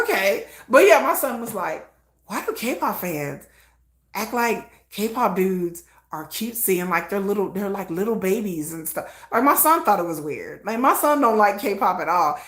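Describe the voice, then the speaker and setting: A middle-aged woman hosting a casual livestream, blunt and animated, laughing often and acting out conversations. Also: fairly high pitch, roomy sound. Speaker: livestream host.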